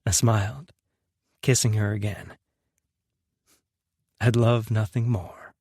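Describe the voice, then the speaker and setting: A young man narrating a romance audiobook in the first person, in a soft, unhurried, intimate way. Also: lowish voice, level tone, no echo, studio quality.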